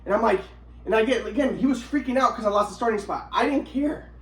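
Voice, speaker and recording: Speaking at a quick pace, this vlogger has an extremely high, somewhat bright voice, captured in an echoey room. He rambles agitatedly about himself, profane throughout, restarting and repeating lines.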